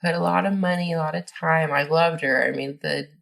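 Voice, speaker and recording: A woman's voice: deep voice, fairly even intonation, fairly quick, vocal fry, fairly bright tone. A woman guest on a podcast, telling her story in a rambling, casual way with many fillers and restarts.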